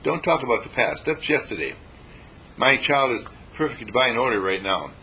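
Very animated and moderately paced, a medium-pitched man with a pushed, bright tone teaches meditation in a folksy, repetitive style, occasionally mimicking panic to illustrate ideas. He is a dean and spiritual teacher from California, heard on a rough recording over faint noise.

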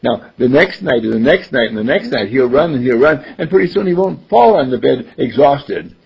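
A man's voice: mid-range voice, animated, moderate pace. An older man giving a conversational talk, telling stories and acting out the people in them, chuckling often. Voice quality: husky, gravelly. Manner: storytelling, acts out quoted voices, chuckles often. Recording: dull lo-fi recording.

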